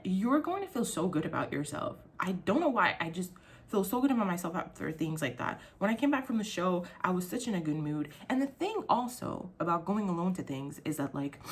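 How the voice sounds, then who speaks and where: A young woman vlogging in a casual monologue, candid and emotional, swearing often and filling with "like". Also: on the low side. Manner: candid, heavy swearing, frequent fillers; emotional, sensitive. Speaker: YouTuber.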